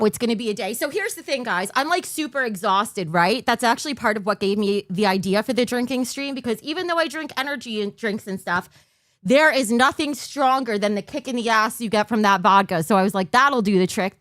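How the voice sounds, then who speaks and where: A woman's voice: a little high, brisk, a bit bright, dry recording, clean studio sound. An overtired woman hosting a casual livestream, rambling and losing her train of thought. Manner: bursts into a mock auctioneer patter. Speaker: livestream host.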